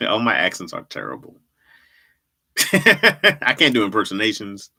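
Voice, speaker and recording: A man's voice: fairly low pitch, huge pitch swings, measured pace, sharp tone, husky. A man hosting a livestream, chatting casually with viewers in a laid-back, slangy way and laughing often. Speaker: livestream host and comedy writer.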